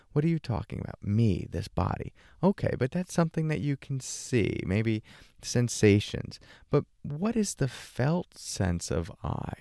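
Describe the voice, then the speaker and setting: A man giving a reflective spiritual talk as a meditation teacher, asking questions and answering for an imagined listener in a relaxed, casual way. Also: fairly low pitch, creaky, no room sound, studio quality. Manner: questioning, talks back and forth with an imagined listener; relaxed and casual, light laughs.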